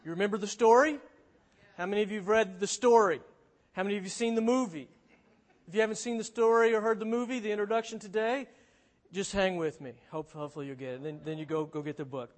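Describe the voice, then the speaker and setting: A man preaching, retelling a storybook to his listeners, moving between lively and hushed delivery. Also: high-pitched, quick pace. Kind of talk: sermon with storybook reading.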